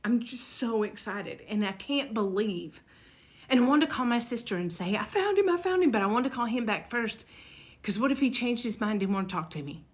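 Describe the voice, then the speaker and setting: A woman telling a personal story in a casual, animated way, leaping up in pitch when excited and dropping to a hush for tense moments. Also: fairly quick. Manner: animated, jumps high and loud when quoting her own excitement; drops to a hush or whisper for dramatic moments.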